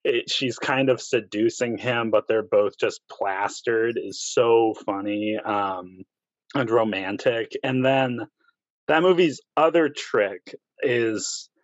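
A man casually ranking classic films with relaxed, wry asides. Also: mid-range voice, slow pace, dry recording, muffled recording. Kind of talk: casual film discussion.

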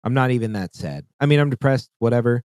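A man's voice: medium pitch, animated, fast talker, darkish tone, no echo, studio quality. A man co-hosting a casual podcast chat, talking in a profane, rambling way with frequent restarts. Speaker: podcast co-host.

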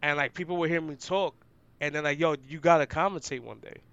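Bright, crisp-voiced man telling stories. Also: on the high side, brisk, muffled recording. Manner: animated and slangy, many "like" fillers; describes himself as loud and outgoing. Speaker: esports commentator, guest. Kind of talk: casual interview storytelling.

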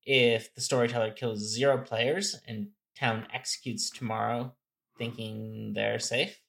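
A man co-hosting a casual podcast about a social deduction game, with a bright, ringing voice at an ordinary pitch. He thinks out loud, with fillers and false starts as he works through a rules problem. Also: creaky. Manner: explanatory, thinks aloud with fillers and restarts. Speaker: podcast co-host. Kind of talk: casual game strategy chat.

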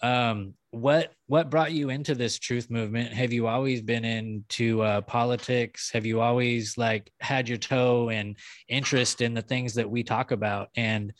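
A man's voice: mid-range voice, steady tone, normal speed, no room sound. Laid-back man hosting a podcast. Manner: laid-back, casual, swears. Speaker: podcast host. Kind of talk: casual podcast interview.

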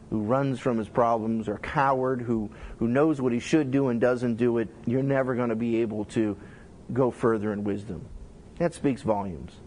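A middle-aged man preaching as a pastor, telling lively stories and acting out the people he quotes. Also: a little high. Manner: animated storytelling, acts out quotes. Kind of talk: sermon teaching.

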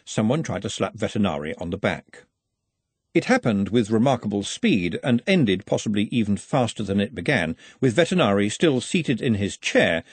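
A man narrating a comic novel as an audiobook, reading in a lively, expressive way. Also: lowish voice, husky, no room sound. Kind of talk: scripted narration.

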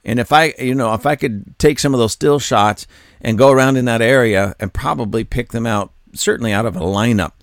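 Laughing man with a gravelly voice. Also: medium pitch, a little fast, no room sound, studio quality. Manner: keeps breaking into laughter. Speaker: commentary channel host. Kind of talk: reading news and commenting.

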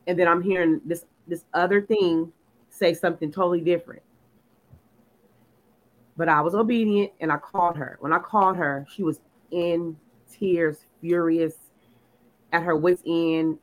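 A woman telling a personal story in casual chat, animated and full of "like", acting out what people said. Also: low-pitched, rough recording. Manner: animated storyteller, lots of "like", acts out quotes. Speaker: podcast co-host.

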